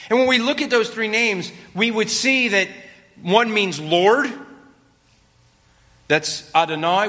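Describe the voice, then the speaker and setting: A man's voice: high voice, sharp tone. A man preaching a sermon in a conversational teaching manner, often putting questions to his listeners. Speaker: pastor. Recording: long reverb of a hall.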